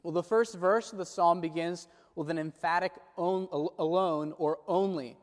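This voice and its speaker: A man's voice: high-pitched, steady tone. Earnest male preacher in a reverberant hall. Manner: measured, earnest preaching with slow quoted prayers. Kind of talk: sermon.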